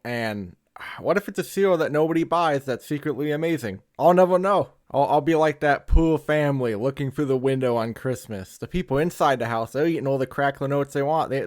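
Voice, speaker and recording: A man's voice: mid-range voice, no echo, clean studio sound. A man hosting a comedic cereal ranking, rambling into absurd tangents with mock-dramatic delivery. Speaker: comedic video host.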